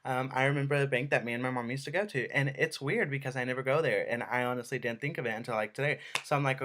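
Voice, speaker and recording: A man's voice: medium pitch, fast talker, few pauses, fairly bright tone. A young man ranting in an exasperated vlog, swearing and saying "like" a lot. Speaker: vlogger.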